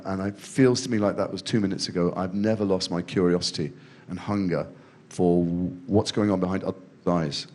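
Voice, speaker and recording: A man's voice: deep voice, a little mellow. A middle-aged man from England, a guest actor telling rambling self-deprecating stories in an interview on a festival stage. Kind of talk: in-depth interview conversation. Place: festival stage before a student audience.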